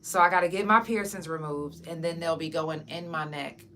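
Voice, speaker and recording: Speaking directly to her listeners, this female podcast host and singer chats casually and frankly on camera, cursing without restraint. She has a deep voice at a moderate pace, with background noise in the recording.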